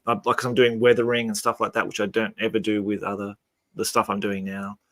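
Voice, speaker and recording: A man's voice: fairly low pitch, level tone, fast talker, fairly bright tone, no room sound. A man hosting a casual hobby chat, giving easygoing, rambling explanations. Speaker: channel host. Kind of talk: casual hobby chat over video call.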